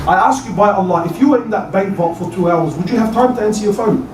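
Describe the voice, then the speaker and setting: A male preacher giving an animated sermon to a crowd, often rising to near-shouts and calling listeners brother. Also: sits high, fast talker, noisy background. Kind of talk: passionate sermon. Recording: echoey hall, mic at a distance.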